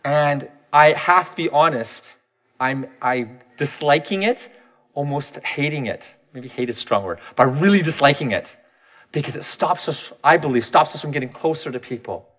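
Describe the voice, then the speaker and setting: A man's voice: a little high, normal speed, a bit bright. A man in his thirties giving a candid, self-deprecating personal talk, often restarting his sentences.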